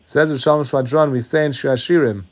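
A man preaching as a rabbi, telling a parable that he acts out, with his voice dropping to hushed tones. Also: medium pitch, steady tone, fast talker. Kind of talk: sermon with parable.

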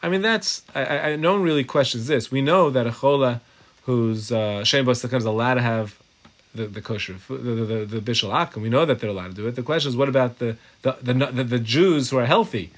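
A man teaching a class on Jewish law, lively and informal, mixing English with Hebrew and Aramaic terms and acting out little voices for his examples. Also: mid-range voice, quick pace. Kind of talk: animated Torah class lecture.

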